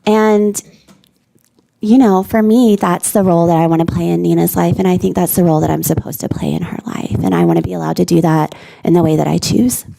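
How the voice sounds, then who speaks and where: A woman's voice: on the low side, fairly even intonation, fairly quick, creaky, warm tone, no room sound, rough recording. A woman speaking as a parent on a conference panel, telling a personal story with emphatic, insistent repetition.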